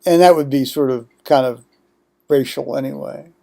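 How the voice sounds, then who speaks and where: A man's voice: medium pitch, fairly even intonation, moderate pace, creaky, dark tone. An older man vlogging at home in a rambling monologue, digressing often with blunt, profane asides.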